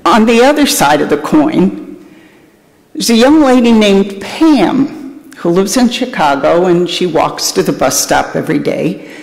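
A pastor preaching a sermon with illustrative stories, speaking deliberately in a church sanctuary. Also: medium pitch, lively intonation, gravelly. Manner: storytelling, deliberate. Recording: echoey church hall, long reverb.

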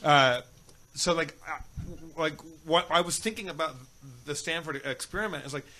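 A man's voice: fairly high pitch, normal speed, sharp tone. A young man telling a rambling, profane jail story as a guest on a comedy podcast.

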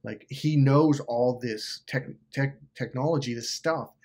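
An unhurried man with a mid-range voice hosts a self-help video, relating a personal story. He keeps it casual and animated, swearing freely and rambling with many fillers.

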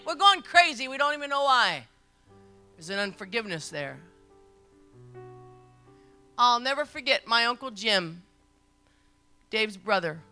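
A woman's voice: mid-range voice, bright, forceful tone. A middle-aged woman pastor preaching a sermon, telling stories emphatically, repeating phrases and laughing along as she goes. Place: church service.

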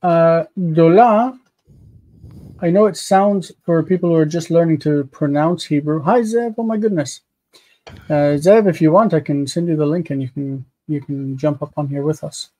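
Man, mellow voice, slightly high, patient step-by-step grammar teacher, live video class. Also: moderate pace, rough recording. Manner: patient, explains pronunciation step by step. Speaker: host teaching biblical Hebrew grammar.

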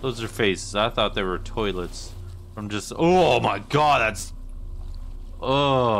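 A man's voice: on the low side, slow pace, vocal fry, a bit bright, a little hiss or hum. A man in his twenties muttering uneasy reactions as he plays through a game and comments on it. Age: 20s. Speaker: gaming YouTuber. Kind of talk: gameplay commentary.

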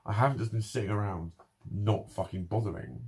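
A man's voice: lowish voice, fairly quick, a little mellow, husky. A young man ranting in a personal vlog, swearing constantly and sounding frustrated and bitter. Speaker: vlogger. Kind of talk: angry personal vlog rant.

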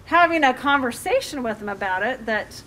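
A middle-aged woman speaking as a life coach to a community group, animated and acting out conversations with her kids. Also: high-pitched, brisk, a little hiss or hum. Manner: animated, acts out parent-child dialogue. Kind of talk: community talk with audience questions.

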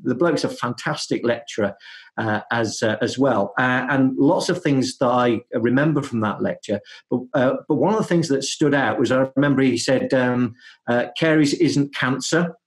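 A man, a dentist, talking through his ideas in a podcast interview, with many fillers, restarts and hesitant pauses. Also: medium pitch. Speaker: guest dentist.

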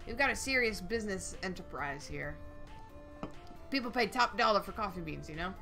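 A woman's voice: mid-range voice, expressive, normal speed, pushed and bright, soft background music. A woman playing a smug, sassy bean seller. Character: smug cute young bean-selling woman.

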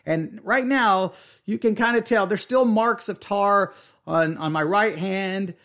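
A man with a high voice recounts a mishap in a casual, animated way. He stammers and restarts often and jumps up into his own panicked outbursts as he acts them out. He sounds middle-aged. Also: unhurried. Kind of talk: casual storytelling.

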